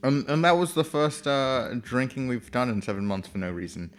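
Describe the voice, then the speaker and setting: A man's voice: medium pitch, expressive, normal speed. A young man co-hosting a podcast in easygoing, casual banter, mostly agreeing and chuckling. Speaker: podcast co-host.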